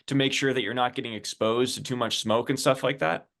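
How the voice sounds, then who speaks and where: Interview host, male, mid-pitched, casual and chatty, stumbles and restarts. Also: steady tone, fairly quick, creaky, a bit bright. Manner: chatty, rambling questions with restarts.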